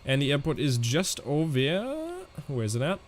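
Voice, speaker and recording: A man streaming a flight simulator, chatting casually in a halting way and answering viewers' questions as he flies. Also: fairly high pitch, huge pitch swings, a little hiss or hum. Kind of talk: casual live-stream commentary.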